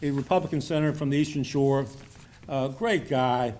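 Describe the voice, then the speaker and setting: An older man from Maryland gives an informal, rambling, folksy after-dinner speech to a society meeting, full of fillers and restarts. His voice is medium-pitched and darkish in tone, at normal speed.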